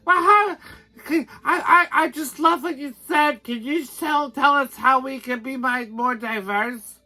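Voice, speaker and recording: A man's voice: very high-pitched, unhurried, bright, forceful tone, pitched above the performer's own voice, heavily acted, poor audio. A man mimicking a fawning, gushing woman. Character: gushing guilt-ridden woman at a fundraiser.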